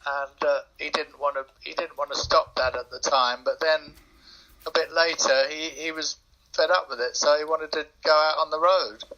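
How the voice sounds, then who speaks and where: A man in his seventies with a soft English accent, answering interview questions in a polite, soft-spoken way over a remote call. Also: fairly high pitch, steady tone, moderate pace, highs cut off. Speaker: guest musician.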